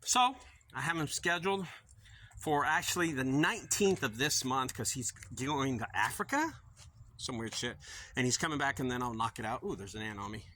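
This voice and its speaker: A man's voice: medium pitch, animated, normal speed, sharp tone, rough recording. A middle-aged man who owns a junk removal business, speaking casually to camera outdoors and acting out both sides of a sales conversation. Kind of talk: casual talking-to-camera vlog.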